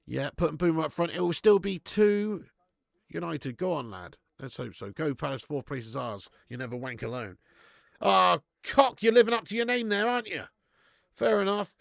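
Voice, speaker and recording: Gravelly sweary football host. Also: male voice, fairly high pitch, moderate pace, dry recording, studio quality. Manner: blunt, sweary, animated ranting; reads out viewer chat messages. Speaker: football watch-along host. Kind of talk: live match watch-along commentary.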